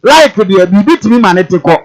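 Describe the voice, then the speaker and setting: A man's voice: sits high, lively intonation, fast, rough recording. A man on a TV talk show, repeating Bible verses and explaining them, switching between Twi and English. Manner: expounding on scripture, repeating each verse and explaining it; mixes Twi with English phrases.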